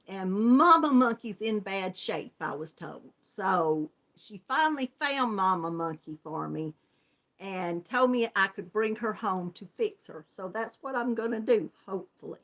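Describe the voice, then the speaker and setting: Southern woman host, middle-aged, unhurried and chatty, bright tone, laughs easily. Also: mid-range voice, lively intonation. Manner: chatty, affectionate, laughs often, calls viewers hon. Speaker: crochet channel host. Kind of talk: casual chat greeting viewers.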